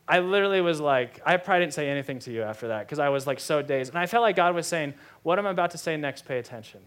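A man's voice: on the high side, fairly bright tone, clean tone. A young adult man preaching a sermon, telling a personal story in a conversational way with many fillers like "like". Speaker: pastor.

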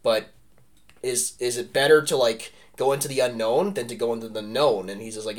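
A man co-hosting a podcast chats about history in a loose, animated, rambling way, constantly throwing in "like" and "right?". His voice sits in the middle range and moves a little fast.

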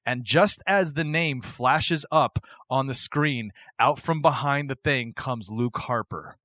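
A man's voice: mid-range voice, slow, pushed and bright, dry recording. A man hosting a casual podcast chat who tells a story with energy, acts out the quotes and laughs often. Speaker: podcast host. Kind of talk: excited wrestling storytelling chat.

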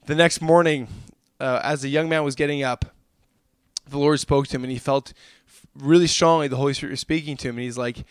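A man's voice: mid-range voice, fairly even intonation, brisk, clear, resonant tone, dry recording, studio quality. A young adult man preaching a sermon, fervent and calling his listeners "guys".

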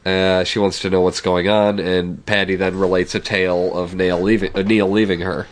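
Podcast co-host, male, sick voice, lowish pitch, musing recap delivery. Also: normal speed. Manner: relaxed, musing, hesitant with fillers. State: sick, congested voice. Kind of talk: casual chat recapping a TV episode.

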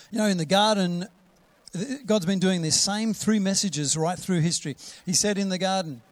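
Male preacher, sermon, slightly raised pitch, scripture quotes, builds emphasis, soft whispered asides. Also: normal speed. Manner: drops to a soft whisper to act out a gentle voice.

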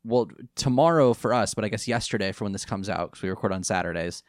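A young man hosts a relaxed podcast, talking in a chatty, easygoing way. His voice sits a little low and comes through smooth and clear. The close mic leaves the sound dry. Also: fast, no echo. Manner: chatty, laughs often, fake British voice in the intro. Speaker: podcast co-host. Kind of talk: casual podcast chat.

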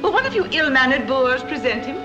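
A haughty, demanding dictator's wife in an old film, her high voice soaring and dipping with theatrical complaint. Film score music rings out behind her. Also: sing-song, fast talker. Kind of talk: 1940s film acting.

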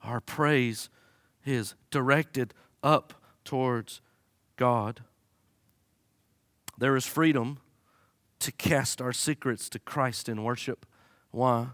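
A man preaching a sermon as a pastor, swinging from loud high-pitched fervor to quiet, low pleading and using folksy humor. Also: steady tone, takes it slowly, pauses often, dry recording, clean studio sound. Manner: folksy humor, acts out his listeners' excuses.

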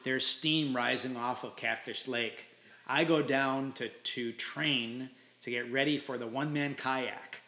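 A man in his sixties, a podcast guest telling stories in a casual interview, animated and quick to laugh, often restarting his sentences. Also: medium pitch. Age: 60s. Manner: animated, laughing storyteller who stumbles over restarts.

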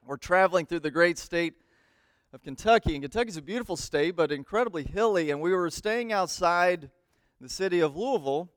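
A man in his thirties, a missionary preacher telling a lively story in a sermon and acting out the voices in it. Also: sits high, fairly quick, no echo. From United States. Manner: animated, acts out voices in his stories.

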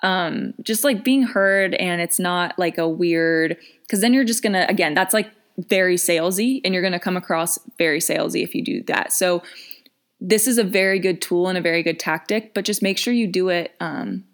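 A woman's voice: lowish voice, moderate pace. A young woman in her twenties giving casual business coaching advice, chatty with lots of fillers and restarts.

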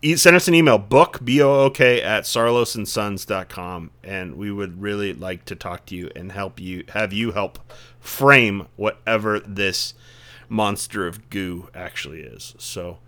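A man hosts a laid-back podcast conversation in a low-pitched voice. His tone carries a forceful, tense brightness. He talks earnestly and reflectively, stretching his thoughts into long, searching sentences. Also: unhurried. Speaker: podcast host.

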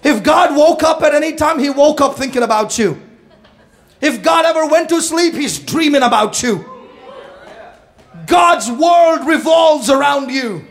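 A man preaching a sermon to his congregation, swinging between shouted fervor and hushed, intense passages. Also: very high-pitched, lively intonation, measured pace. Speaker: pastor.

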